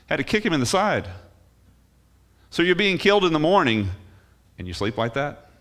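A man's voice: on the high side, very animated, moderate pace, fairly bright tone. Man preaching an emphatic sermon. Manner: emphatic, rising on key phrases, restarts words. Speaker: pastor. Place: church.

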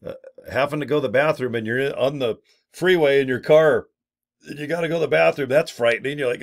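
A man's voice: mid-range voice, brisk, gravelly. A middle-aged man talking casually to camera, joking and exaggerating in a playful rant. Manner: playful, exaggerated, jokey rants. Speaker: vlogger promoting products.

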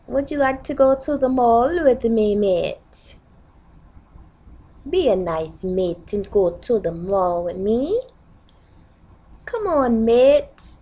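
A woman's voice: fairly high pitch, big pitch swings, slow pace, long pauses, mellow, full character voice. A woman doing an attempted British accent as a chummy woman who coaxes a friend to the mall and ends every line with "mate." Her manner is repetitive and pleading. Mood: coaxing.

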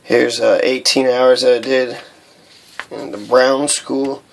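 Brief: man, monotone and gravelly, casual halting vlog chat. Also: mid-range voice. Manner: halting, with many fillers, aggrieved. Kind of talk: casual vlog walkthrough of documents.

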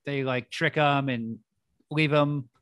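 A man's voice: mid-range voice, fairly even intonation, takes it slowly, fairly bright tone, dry recording, clean studio sound. A man co-hosting a casual film podcast, spinning absurd comic scenarios. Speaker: podcast co-host. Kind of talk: casual movie-review banter.

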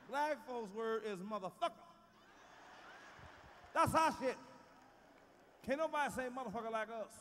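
Loud, profane stand-up comic, high voice. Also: male voice, animated, normal speed, pauses often. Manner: loud, profane, booming delivery, shouts punchlines. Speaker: stand-up comedian. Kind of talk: stand-up routine. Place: large theater stage. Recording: live stage recording, big hall reverb, faint crowd noise.

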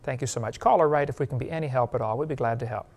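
A male evangelist preaching a sermon, an animated storyteller who laughs at his own jokes and appeals directly to the listener. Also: mid-range voice, racing.

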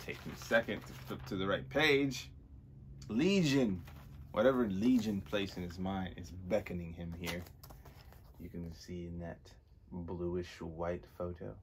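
A man's voice: low voice, fairly even intonation, a little slow, slight background noise. A man casually reading a comic aloud, rambling and questioning himself in asides. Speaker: comic book reader.

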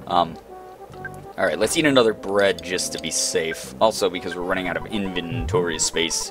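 A man's voice: low voice, lively intonation, normal speed, over music. Goofy man joking through a game. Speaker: let's play gamer. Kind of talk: casual game commentary.

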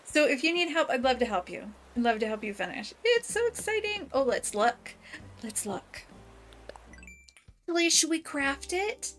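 A woman hosting a let's play, chatting to her viewers in an excitable, bubbly way. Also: high-pitched, moderate pace, faint music behind. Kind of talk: cheerful gameplay commentary.

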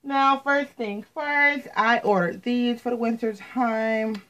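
A woman's voice: a little high, fairly even intonation, slow pace, a bit bright, poor audio. An American woman chatting casually to viewers as she shows off her latest clothing haul, repeating words and often saying "you guys.". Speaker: fashion vlogger.

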